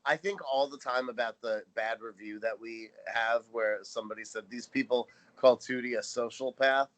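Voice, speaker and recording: A man's voice: mid-range voice, steady tone, normal speed, a bit bright, poor audio. A man co-hosting a podcast, chatting casually and sarcastically about a sitcom episode, swearing now and then. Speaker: podcast co-host.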